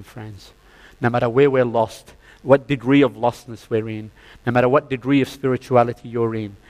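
A man's voice: mid-range voice, darkish tone. A man preaching a sermon, retelling a parable and often addressing his listeners as "friends", building to fervent peaks. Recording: long hall reverb.

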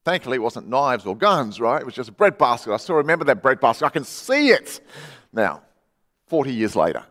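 A middle-aged man preaching a sermon, conversational, dropping from loud to hushed for emphasis. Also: mid-range voice, very animated, fairly quick, big-room sound. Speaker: pastor. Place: church.

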